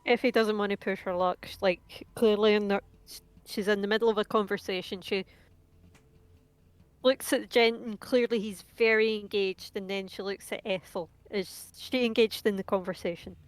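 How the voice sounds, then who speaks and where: A woman's voice: medium pitch, fairly even intonation, normal speed, clear, resonant tone, no echo. A woman narrating her character's actions in a tabletop game, casual and full of fillers. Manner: casual, filler-heavy, playful. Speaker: player.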